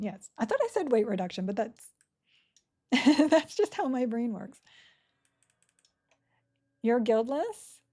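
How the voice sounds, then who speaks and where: This woman's voice is slightly high and warm as she live-streams a game. She chats cheerfully while playing and answers questions from her chat.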